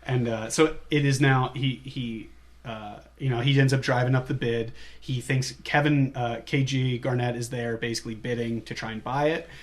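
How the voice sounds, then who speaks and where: A man's voice: medium pitch, fairly even intonation. Casual male podcast co-host. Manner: retells scenes with quick impressions. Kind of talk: casual movie podcast chat.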